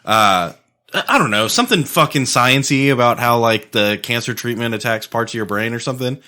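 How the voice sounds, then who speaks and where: A man's voice: mid-range voice, expressive, fairly quick, pushed and bright. A man co-hosting a podcast, chatting casually over drinks, profane and laughing as he rambles. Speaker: podcast co-host.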